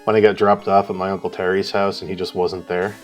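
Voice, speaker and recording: A man's voice: low-pitched, flat delivery, quick pace, soft background music. A man co-hosting a live art stream, telling a rambling story in casual chat, swearing and acting out what people said. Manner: rambling, swears, acts out quotes loudly.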